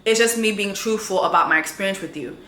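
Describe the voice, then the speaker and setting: A woman's voice: medium pitch, quick pace, pushed and bright, roomy sound. A woman, telling a dating story in a vlog in a blunt, sassy way and reading texts aloud.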